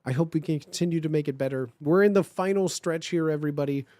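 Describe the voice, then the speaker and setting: A livestream host doing a comedic live reading of fan fiction. The voice is hoarse from hours of talking, and the delivery is playful and slangy, swinging between loud bursts and mumbles. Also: mid-range voice, quick pace, a little hiss or hum.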